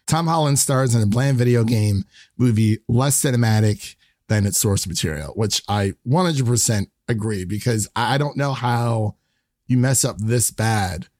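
A man's voice: mid-range voice, normal speed, darkish tone, no room sound, clean studio sound. A man co-hosting a casual movie review chat, hesitant and often restarting his sentences. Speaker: podcast co-host.

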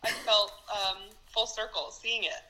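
A woman chatting casually about a movie, relaxed and dry-humored, with frequent fillers. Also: mid-range voice, a little slow, slight background noise, low-quality recording.

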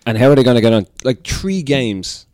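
A man's voice: mid-range voice, big pitch swings, brisk, a little mellow, no echo, studio quality. A man co-hosting a casual radio show in easygoing chat. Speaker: radio co-host.

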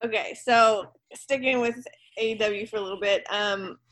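A woman's voice: mid-range voice, steady tone, moderate pace, a bit bright. A woman co-hosting a casual chat, opinionated and teasing. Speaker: podcast co-host.

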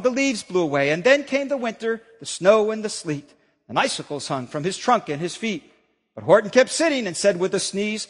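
A pastor reading a children's rhyming book aloud during a sermon, with playful, expressive storytelling. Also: male voice, high voice. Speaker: senior pastor. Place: church. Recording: long church reverb.

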